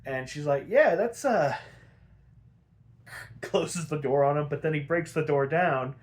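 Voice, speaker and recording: Rambling young man, slightly high voice. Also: normal speed. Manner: rambling, profane, animated retelling with acted quotes. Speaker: podcast host. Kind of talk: casual episode recap.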